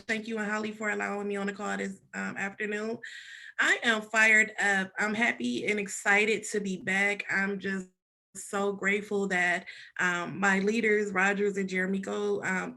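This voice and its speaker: A woman joins a team video call with a bright, forceful tone. She sounds excited and grateful, using plenty of fillers as she talks. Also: mid-range voice, moderate pace, vocal fry. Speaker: team member guest on call. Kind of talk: casual testimonial on a video call.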